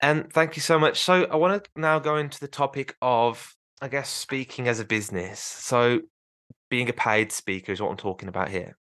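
Male interview host, mid pitch, easygoing, regional accent. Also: moderate pace, a bit bright. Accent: non-London British or other regional English. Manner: reflective, easygoing, self-described recovering introvert. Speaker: podcast host. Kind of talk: conversational interview.

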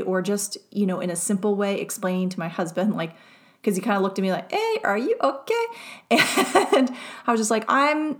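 A young adult woman, a podcast host and nervous system coach, telling a personal story in a rambling, self-reflective way with many fillers. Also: mid-range voice.

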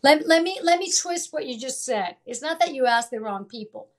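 A woman from Italy and Venezuela talks as a coach in an interview. Her voice sits a little high. She is emphatic and keeps repeating her main points in motivational talk. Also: lively intonation, moderate pace. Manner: emphatic, repeats key phrases. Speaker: guest, life coach.

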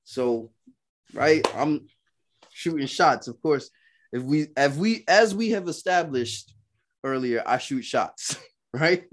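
A man's voice: a little high, slow, long pauses. A young man from Brooklyn, co-hosting a podcast and telling casual stories with laughs and acted-out quotes. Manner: animated, laughing, acts out voices in quotes. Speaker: podcast co-host. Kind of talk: casual storytelling chat.

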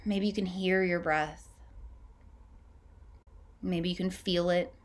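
A woman hosting a podcast, leading a guided breathing meditation in a slow, gentle, soothing way with long pauses. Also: on the low side, steady tone.

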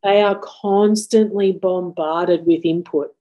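Mellow-voiced woman in her forties. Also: fairly low pitch, slow, highs cut off. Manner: earnest, reflective, with lively upward swings. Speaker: podcast host. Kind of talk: casual conversation.

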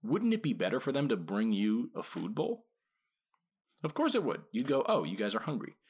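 A man's voice: medium pitch, huge pitch swings, slightly rough. A man hosting a podcast about dog training, talking casually and asking his listeners rhetorical questions. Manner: conversational, asks rhetorical questions, acts out quick quoted lines.

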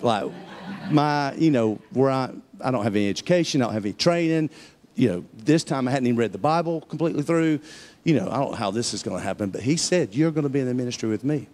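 A man's voice: medium pitch, fast. A man, a pastor telling his own testimony in a sermon, acting out the voices of the people in his story. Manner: storytelling, acting out quoted voices, rising to excited peaks.

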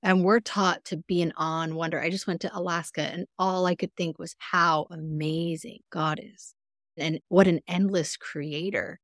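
A woman guest on a podcast, a mindfulness coach, telling personal stories in a candid, earnest way with sudden jumps in pitch. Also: fairly even intonation, moderate pace, dry recording, clean studio sound. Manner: earnest, self-reflective. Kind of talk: casual interview conversation.

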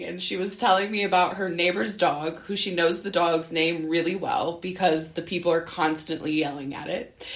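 The host of a dog podcast, a woman, sounds a bit bright with a voice on the low side, and the recording has a roomy feel. She keeps the interview chat loose, sprinkling in plenty of "right?" and "you know."

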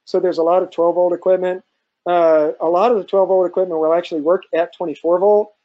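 A man's voice: sits high, flat delivery, fast, dull audio. A man answering questions in a live online talk, thoughtful and hesitant, with many fillers and restarts. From central Virginia. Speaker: guest speaker on off-grid farming.

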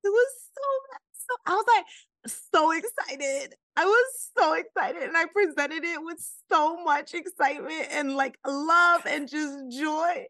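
A woman co-hosting a casual faith podcast over a remote call, animated and laughing often. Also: sits high, measured pace, no room sound. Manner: animated, laughing, drawling "y'all". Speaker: podcast co-host.

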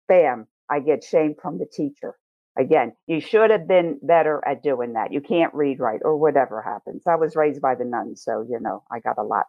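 Woman, slightly low voice, animated teaching manner, tinny phone-quality audio. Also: moderate pace, no room sound. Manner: animated, acts out feelings in first person. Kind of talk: conversational teaching. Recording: tinny phone-like line, dry.

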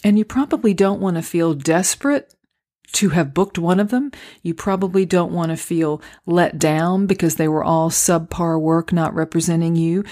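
A woman hosting a solo podcast, talking through acting auditions in a gentle, encouraging, unhurried way. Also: fairly low pitch. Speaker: podcast host and acting coach. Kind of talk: reflective solo podcast talk. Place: home, recorded near a street.

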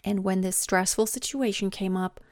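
A woman in her thirties talks through her week in a loose, chatty monologue, full of "you know" and "like". Her voice sits at an ordinary middle pitch. The sound is dry and close, with no room around it. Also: normal speed, no room sound. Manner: chatty, many fillers, animated retelling. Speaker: podcast host, mother. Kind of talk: casual personal monologue.

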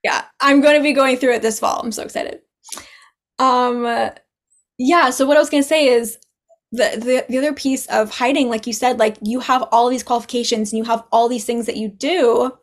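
A chatty woman talks as a podcast guest. Her voice sits a bit high, and she acts out quoted dialogue as she goes, laughing often. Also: steady tone, fairly quick. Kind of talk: casual podcast chat.

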